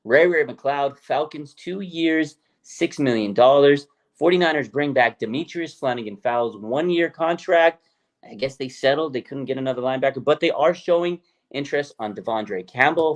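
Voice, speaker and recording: A man hosting a casual sports livestream, often laughing and mocking rumors while reading out chat comments. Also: medium pitch. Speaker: sports show host. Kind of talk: casual live-stream commentary.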